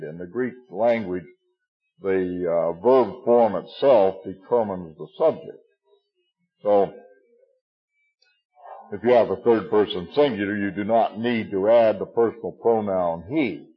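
A man in his sixties talks through a passage in a relaxed Bible study. His voice sits very low and sounds husky, and he halts often with fillers and chuckles at his own quips. The recording is dull and lo-fi. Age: 60s. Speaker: Bible teacher.

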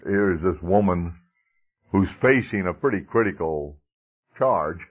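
A man's voice: sits low, lively intonation, slow, husky, muffled recording. A man preaching a sermon in a conversational, emphatic way, chuckling now and then.

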